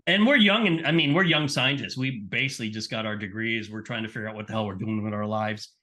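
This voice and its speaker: Speaking fast in a fairly low-pitched voice, a middle-aged man tells stories during a casual podcast interview. He works as a sports nutrition scientist, and he animates his anecdotes by playing out the people he quotes.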